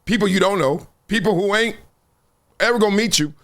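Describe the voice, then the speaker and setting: A middle-aged man hosting a talk show, telling stories in a slangy, animated way and acting out quotes. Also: high-pitched, fairly quick. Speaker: podcast host. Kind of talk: casual talk-show commentary.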